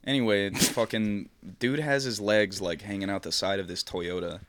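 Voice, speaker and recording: Deep-voiced young man telling a rambling story. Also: fairly even intonation, moderate pace, a bit bright. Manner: rambling, swears often, trails off with "like". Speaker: podcast co-host telling a story. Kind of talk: casual storytelling chat.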